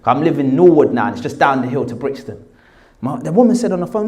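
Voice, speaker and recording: An actor from South London, England, in his forties, talks fast in a slightly high voice. He's telling an anecdote about his own past with lots of animation, acting out the people who appear in it.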